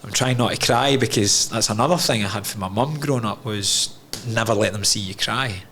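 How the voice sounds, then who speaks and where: A man's voice: on the low side, a little fast, fairly bright tone, slight background noise. A Scottish man in a candid podcast conversation, telling a personal story in an earnest, reflective way and swearing freely. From Scotland. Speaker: podcast guest.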